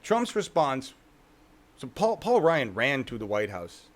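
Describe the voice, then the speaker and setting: Animated, mocking man co-host. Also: medium pitch, unhurried. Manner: profane, mocking, acts out politicians in quotes. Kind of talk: casual political commentary.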